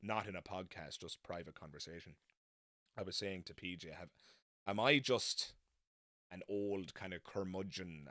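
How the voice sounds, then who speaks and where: A low, bright, forceful male voice recorded cleanly in a studio with no room sound. He's a non-American host on a live stream, chatting casually, poking fun at himself and drifting into tangents in loose, rambling talk.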